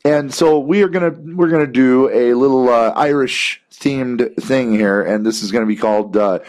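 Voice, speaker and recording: A man hosting a casual sports talk show, speaking in a measured way with many hesitant fillers. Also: medium pitch, darkish tone. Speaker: sports radio host.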